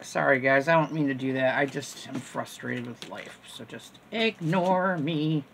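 A woman's voice: very deep voice, measured pace, vocal fry, a little hiss or hum. An older woman in casual, rambling chat, showing items from a store haul at home and joking at her own expense. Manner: chatty, rambling, self-deprecating. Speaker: haul vlogger. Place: home room.

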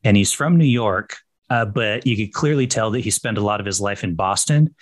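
A man's voice: lowish voice, normal speed. A man hosting a casual interview podcast, asking chatty, rambling questions with frequent restarts. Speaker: podcast host.

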